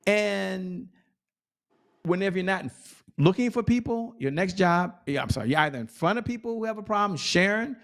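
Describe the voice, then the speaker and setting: A man's voice: sits high, expressive, moderate pace, fairly bright tone. A man speaking as a guest sales coach, giving an enthusiastic motivational talk full of emphatic repetition.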